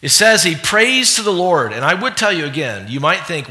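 A man delivers a sermon with an animated, playful manner, breaking into acted voices and laughter. His voice is bright and slightly high for a man. It rings with the long reverb of a large church hall. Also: normal speed, few pauses. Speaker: pastor.

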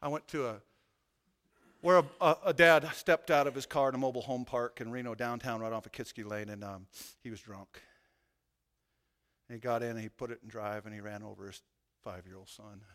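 A middle-aged man, a police chaplain, preaching an emotional testimony that swells to loud, fervent peaks. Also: mid-range voice, steady tone, a little fast. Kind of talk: sermon testimony.

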